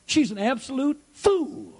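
A man's voice: extremely high pitch, sing-song, unhurried, a little mellow, husky. A man preaching a sermon. He repeats his points and acts out little scenes to make them.

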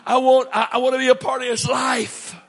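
A middle-aged male pastor preaching a sermon, animated, swinging from loud to hushed. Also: extremely high pitch, fairly quick, slightly rough.

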